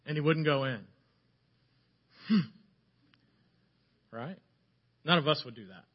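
A man delivers a sermon in a fairly high voice, and he tells the story with energy, rising to loud passages and then dropping to a hush. The recording is dull and lo-fi. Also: takes it slowly, slightly rough. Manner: animated storytelling, swinging between loud and hushed. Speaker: preacher.

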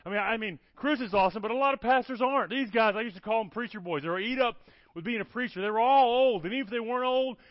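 A male guest preacher races through a storytelling sermon in a very high-pitched voice, animated and often asking "okay? all right?". The dull lo-fi recording is dry, with no echo.

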